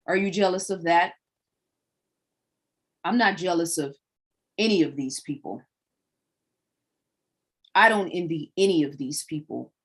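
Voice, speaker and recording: A woman hosting a livestream, delivering a preachy monologue full of rhetorical questions. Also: fairly low pitch. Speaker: livestream host.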